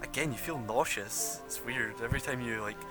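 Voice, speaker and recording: A man's voice: medium pitch, fairly quick, music in the background. A man running a tabletop game as game master, narrating loosely with lots of fillers and laughs. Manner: rambling, laughing, many fillers.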